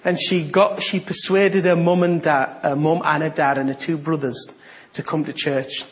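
A preacher tells a story to his congregation, acting out each exchange. His voice sits a touch high and swells into bursts of excitement. The recording is muffled and lo-fi. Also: normal speed. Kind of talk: sermon with a personal story.

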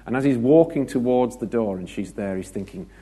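A man's voice: medium pitch, a little fast, dark tone, slightly rough. A British man preaching a conversational sermon, chatty and joking, with anecdotes and asides to the congregation.

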